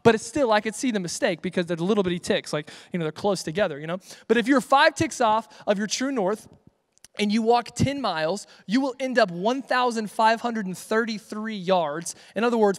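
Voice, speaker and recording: A man's voice: sits high, in a large hall. A young man giving a casual, joking youth sermon on a livestream, rambling and correcting himself as he goes. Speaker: youth pastor.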